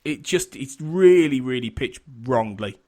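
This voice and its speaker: A man's voice: medium pitch, animated, a little slow, darkish tone. A man hosting a casual podcast chat, rambling and restarting his sentences, laughing often. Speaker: podcast host.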